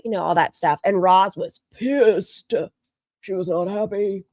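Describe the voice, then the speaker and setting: A woman's voice: medium pitch, unhurried, a little mellow, no room sound. A woman hosting a casual livestream, chatting bluntly and reading viewer comments aloud. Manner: blunt and gossipy. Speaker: livestream host.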